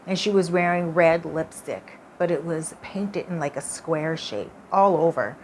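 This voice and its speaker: A woman's voice: deep voice, measured pace, a little hiss or hum. A woman vlogger telling a personal story in a chatty, casual way, full of "like" and "you know".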